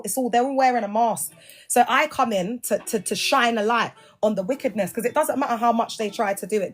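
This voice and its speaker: A young adult woman, talking to her viewers in an emotional, casual monologue, emphatic and slangy, full of "like" and "you know". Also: mid-range voice. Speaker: vlogger.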